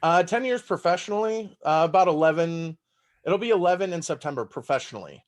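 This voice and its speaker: Southern-accented comedian, slightly high voice. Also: male voice, lively intonation, brisk. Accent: Southern American. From Texas. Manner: loose, profane, laughing storyteller. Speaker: stand-up comedian guest. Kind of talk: casual podcast chat.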